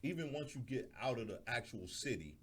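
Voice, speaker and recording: A man's voice: mid-range voice, sing-song, fairly quick, fairly bright tone. A man hosting a radio talk show, telling stories in a laid-back way and often repeating words. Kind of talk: casual chat.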